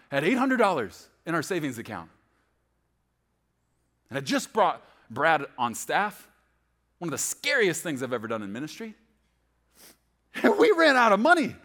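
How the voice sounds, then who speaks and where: A male pastor preaching with a lively, sweeping pitch and a bright, forceful tone. He tells stories with playful asides, swinging from hushed, low lines to loud, raised ones. His voice sits a little above average for a man. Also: moderate pace, pauses often. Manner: animated, storytelling preacher with asides. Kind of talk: sermon.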